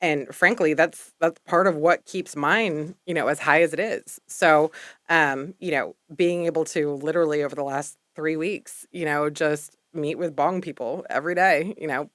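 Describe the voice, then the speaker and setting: A woman's voice: deep voice, fairly even intonation, normal speed, fairly bright tone, dry recording, clean studio sound. A woman from Texas in her thirties with a mixed Texas and East Coast accent, chatting as a podcast guest and rambling with many fillers. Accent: mixed Texas and East Coast American. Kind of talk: casual interview chat.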